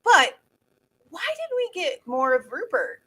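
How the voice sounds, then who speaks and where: Woman cohost, chatty, kinda high animated voice, trails off looking for words. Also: measured pace. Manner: rambling, searches for words. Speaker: podcast co-host. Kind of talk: casual movie chat.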